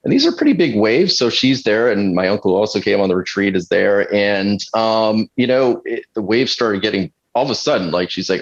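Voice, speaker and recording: A fitness coach speaks in a fairly low voice, telling his story in a halting way full of fillers and restarts. He laughs lightly here and there. The recording is dull and lo-fi. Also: expressive. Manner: laughs now and then while telling stories. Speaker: fitness coach and retreat leader. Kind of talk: casual podcast conversation. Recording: dull lo-fi sound.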